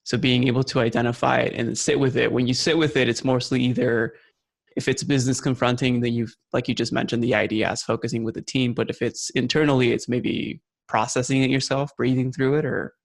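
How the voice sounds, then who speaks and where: Gravelly male podcast host. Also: medium pitch, fairly even intonation, a little fast. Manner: affirming, asks reflective follow-up questions. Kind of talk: interview conversation.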